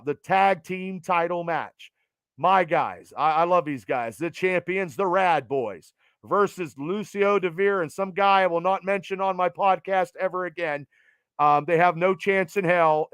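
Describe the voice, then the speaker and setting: A man's voice: high-pitched, fairly bright tone, clear, resonant tone, no room sound. A man hosting a podcast, rattling off event plugs in an announcer cadence and swearing casually. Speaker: podcast host.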